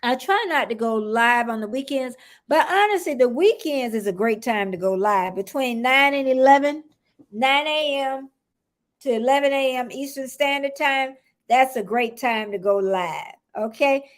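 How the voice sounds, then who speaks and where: A high-pitched woman from the United States chats through a casual live stream. She wanders from topic to topic and greets viewers by name. Laughter comes easily to her. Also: normal speed. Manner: laughs often. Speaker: livestream host.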